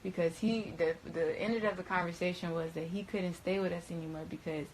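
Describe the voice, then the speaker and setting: A woman's voice: on the low side, fairly even intonation, a little fast, darkish tone, slight background noise. Young woman telling a story in slangy, rambling talk. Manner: slangy, profane, rambling, with frequent fillers. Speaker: storyteller recounting events. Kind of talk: casual storytelling.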